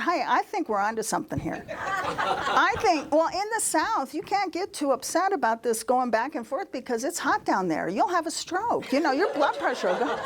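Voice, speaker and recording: A woman's voice: high-pitched, heavy background noise. A woman giving a storytelling talk at a church service. She is chatty, laughs often and acts out the voices of the people in her stories. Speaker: guest speaker at a church service.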